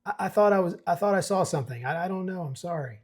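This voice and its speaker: A man's voice: high-pitched, expressive, fast, pitched above the performer's own voice. A man voicing a frightened young woman who stammers flustered apologies. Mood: shaken, apologetic.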